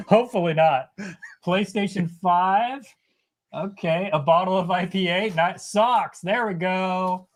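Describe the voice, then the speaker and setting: A man's voice: high voice, slow pace. A man hosting a livestream giveaway in casual chat, upbeat and joking, laughing often. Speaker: livestream host.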